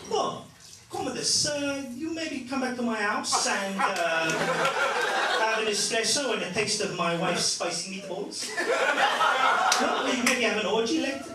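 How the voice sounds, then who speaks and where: A blustering Roman general, played by a comedian in an over-the-top stage-Italian voice, pitched high and loud with lively swoops. It echoes through a big room from a distance, with heavy noise behind. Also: male voice, unhurried. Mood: hammy. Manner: exaggerated, shouty stage-Italian delivery. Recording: roomy, distant, noisy club.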